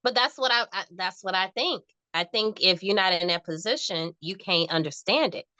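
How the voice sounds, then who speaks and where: A woman's voice: mid-range voice, expressive, normal speed, sharp tone, no room sound. A woman co-hosting a podcast, speaking in an earnest, thoughtful, self-reflective way in casual conversation. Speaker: podcast co-host.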